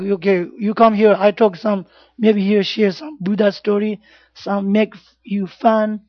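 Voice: medium pitch, no room sound. Dharma teacher in simple broken English. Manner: simple broken English, frequent checks like "yeah?" and "you know". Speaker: Buddhist teacher. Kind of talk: informal Dharma class talk. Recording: dull lo-fi recording, dry sound.

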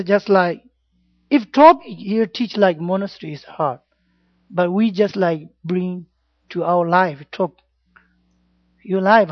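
Here a Buddhist teacher gives a casual class talk at a medium pitch, using simple broken English and frequently asking "yeah?" or adding "you know". The recording is lo-fi, dull and dry.

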